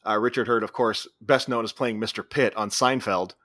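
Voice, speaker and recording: A man's voice: lowish voice, fairly even intonation, normal speed, a bit bright, no echo, clean studio sound. A man co-hosting a podcast, casually recapping a film's plot scene by scene. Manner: retells scenes, quoting characters in brief voices. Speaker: podcast co-host. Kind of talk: casual movie recap chat.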